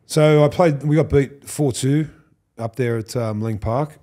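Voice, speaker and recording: An unhurried, mid-range voice belongs to an Australian man in his fifties, once a rugby league player, now a podcast guest telling stories. He's lively in this casual chat, performing the lines of the people he quotes, cursing, and laughing.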